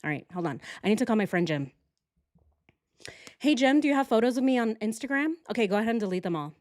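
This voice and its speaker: A woman's voice: on the high side, animated, fast, a little mellow, no echo, clean studio sound, natural voice. A woman putting on a mocking impression of a petty, melodramatic young woman who rattles off orders on the phone, whiny and over the top. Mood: bossy.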